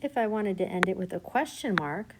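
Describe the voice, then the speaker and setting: A woman teaching a recorded grammar lesson, reading example sentences slowly and deliberately. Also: mid-range voice, lively intonation, heavy background noise. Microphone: tablet microphone.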